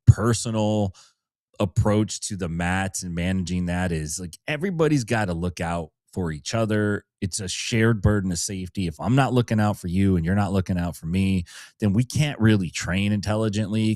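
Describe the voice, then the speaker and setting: Male co-host, low voice, dry close mic, relaxed and wry, coach talk. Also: dry recording. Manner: laid-back, wry, laughs while talking. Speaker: podcast co-host and grappling coach. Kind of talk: casual podcast chat.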